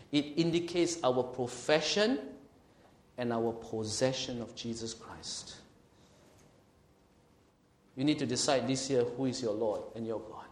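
A male pastor preaching an emphatic sermon. He slows and swells on scripture and asks the congregation questions. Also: medium pitch. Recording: roomy hall echo.

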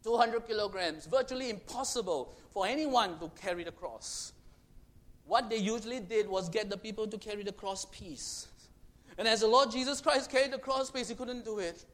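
A man preaching a sermon to children, storytelling dramatically and swinging between loud and hushed. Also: high voice, normal speed.

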